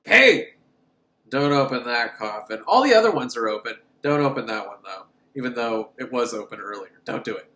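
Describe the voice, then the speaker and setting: A man's voice: mid-range voice, lively intonation, fast talker, few pauses, a bit bright, roomy sound, voice pushed down. A man voicing a fussy, bossy male henchman.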